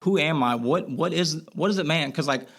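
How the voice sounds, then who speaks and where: A man's voice: on the high side, normal speed, fairly bright tone. A young man as a podcast guest, talking earnestly and rambling in a candid interview, with lots of fillers and restarts.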